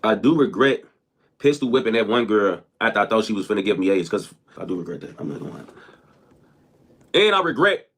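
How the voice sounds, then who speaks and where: A young man who tells stories and jokes on a live stream, animated and profane, saying "folks" constantly. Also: fairly low pitch, brisk. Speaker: livestreamer. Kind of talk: storytelling and joking on a live stream.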